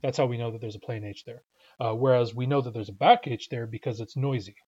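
A man explaining pronunciation in a recorded lesson, patient and methodical, often pausing with "uh". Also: medium pitch, a little mellow, husky, muffled recording. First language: English. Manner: patient, explanatory, frequent uh fillers. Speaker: language teacher.

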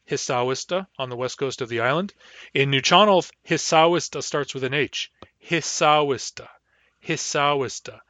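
A man's voice: medium pitch, bright, forceful tone, dry recording, dull audio. A man giving a pronunciation lesson, explaining sounds plainly and demonstrating them aloud. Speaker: language teacher.

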